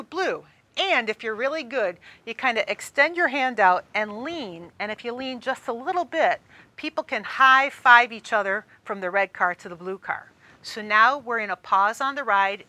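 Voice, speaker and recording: A woman presenter giving a training talk, telling a story in a lively way and speaking straight to the listener. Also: mid-range voice, dry recording.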